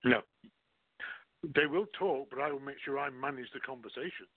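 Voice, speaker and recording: A man's voice: medium pitch, normal speed, no echo. A man who works as a recruiter, a guest on a talk show, explaining his approach through worked examples. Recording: tinny phone line.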